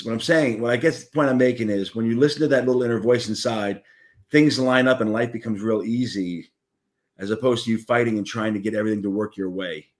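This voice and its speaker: A man speaking as a guest in an interview, telling a personal story in a reflective way and dropping to a soft, quiet voice at times. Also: fairly low pitch. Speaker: guest, business founder.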